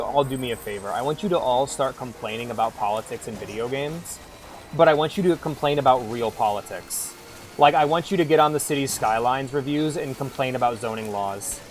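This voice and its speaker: A man's voice: medium pitch, lively intonation, brisk, soft background music. A man streaming a game, chatting casually in a rambling, irreverent way and swearing freely. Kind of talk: casual gameplay chat.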